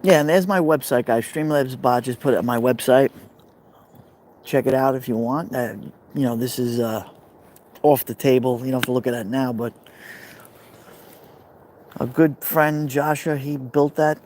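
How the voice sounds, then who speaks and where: A man's voice: medium pitch, normal speed, long pauses, a little mellow, slight background noise. A man with a Brooklyn accent, live streaming outdoors by a fire pit, rambling casually and answering viewer comments. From New York.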